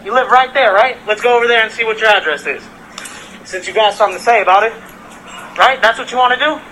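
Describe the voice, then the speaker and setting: A man confronts someone outdoors on a residential street, angry, profane and relentless, filming the exchange on his phone. His voice sits very high for a man and has a sharp, piercing edge. A faint hum of street noise runs behind him. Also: fast, poor audio. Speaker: delivery worker.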